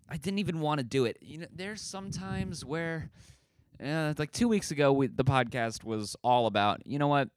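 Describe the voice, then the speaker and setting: A man's voice: medium pitch, animated, moderate pace, no room sound, clean studio sound. A man hosting a casual solo podcast, rambling and self-deprecating, swearing casually as he talks. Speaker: podcast host.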